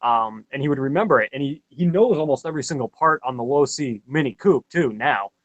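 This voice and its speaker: A man's voice: mid-range voice, animated, brisk, fairly bright tone, no room sound. Brief: male guest, easygoing casual talker, dry close sound. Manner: easygoing, agreeing with short replies. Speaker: guest in an RC hobby hangout. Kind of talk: casual chat.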